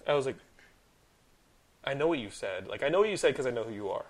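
A man in his thirties hosting a podcast, telling animated stories, ranting and swearing freely. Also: medium pitch, moderate pace. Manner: animated storyteller, swears freely, rants loudly. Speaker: podcast host. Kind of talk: casual chat.

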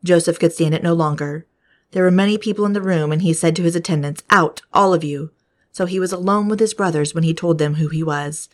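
A woman podcast host reading scripture aloud in a steady, measured way. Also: on the low side.

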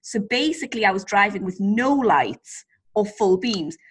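A woman's voice: medium pitch, expressive, moderate pace, slightly rough. A woman chatting casually, self-mocking and laughing along. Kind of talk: casual chat.

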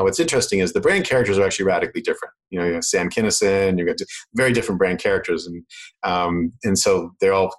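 A man's voice: lowish voice, rough recording. A man from Canada with a faded Canadian accent, explaining marketing in a casual chat and acting out quoted voices. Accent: Canadian, mostly faded. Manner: animated, acts out quoted voices in his explanations.

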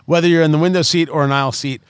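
A man co-hosting a podcast, chatting casually in an animated, joking, self-mocking way. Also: a little high, very fast, smooth, no echo. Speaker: podcast co-host. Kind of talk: casual banter.

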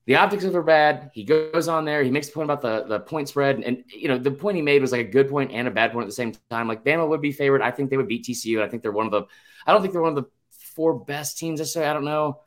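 A man's voice: medium pitch, fast talker. A young man co-hosting a casual sports podcast, talking in long rambling runs with frequent restarts, fillers and swearing. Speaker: podcast co-host.

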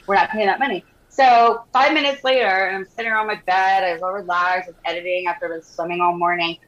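Animated woman in her fifties, laughing. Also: mid-range voice, fairly quick, few pauses, dull audio. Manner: animated, laughing, swears freely, acts out dialogue. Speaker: podcast guest. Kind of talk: casual storytelling.

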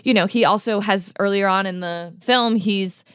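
A woman's voice: medium pitch, moderate pace, a bit bright, clear, resonant tone, no echo, clean studio sound. A woman co-hosting a casual podcast, telling stories with enthusiasm and many filler words, acting out what people said. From United States. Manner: enthusiastic, rambling storyteller, many "like" fillers, acts out quotes. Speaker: podcast co-host.

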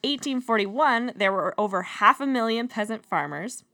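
A young woman who co-hosts a history podcast, explaining from notes with frequent laughs and lowering her voice for grim details. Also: expressive, moderate pace, no room sound, clean studio sound. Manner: explains from notes, laughs often, drops her voice for dark points. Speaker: podcast co-host.

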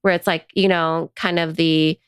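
A woman co-hosting a casual business podcast, chatty and quick with asides. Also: low-pitched, level tone, clear, resonant tone, dry recording, clean studio sound. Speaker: podcast co-host.

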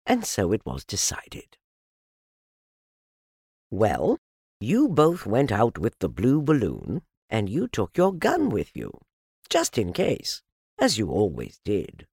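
A man narrating a storybook in a slow, deliberate, softly lilting way. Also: fairly low pitch, huge pitch swings, vocal fry, husky, no echo, clean studio sound. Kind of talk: storybook reading.

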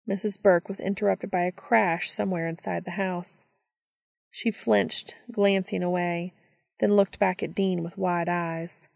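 A woman narrating a fan fiction story as an audiobook in a steady, even reading voice. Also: on the low side, unhurried, creaky, dry recording, clean studio sound.

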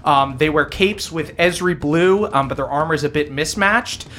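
A man's voice: fairly high pitch, normal speed, fairly bright tone, slight background noise. Male game master narrating a tabletop game, casual and chatty. Brief: easygoing storyteller. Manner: casual, laughing, many fillers.

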